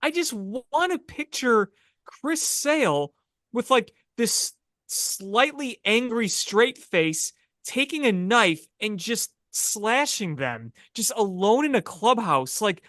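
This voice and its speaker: A sports podcast co-host in casual chat, telling stories in an animated, incredulous way. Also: mid-range voice, dry recording, clean studio sound.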